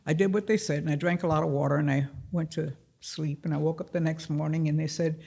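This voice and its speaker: An older man telling a personal story to a live audience at a library event, unhurried and plain-spoken, acting out the voices in his tale. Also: fairly high pitch, steady tone, vocal fry, darkish tone. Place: public library event room.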